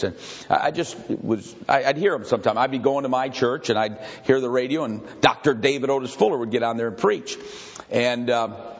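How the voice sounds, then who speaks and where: An older male pastor from Michigan gives a loose, conversational sermon, circling back on himself and breaking off into side stories. His voice sits in a middle register and carries a long reverb tail from a large hall. The recording itself sounds a little dull and muffled. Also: mid-range voice. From Grand Rapids, Michigan. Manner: rambling, digressive, repeats himself, chuckles. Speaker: pastor leading a Bible study. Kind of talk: conversational sermon with questions to the congregation.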